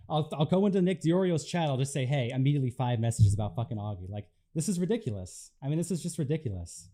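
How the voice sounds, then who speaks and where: A man with a slightly high but mellow voice rants on his own livestream, fed up and swearing at his chat. His complaints spill out in quick bursts of frustration. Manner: exasperated, swearing. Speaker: streamer. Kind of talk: livestream rant.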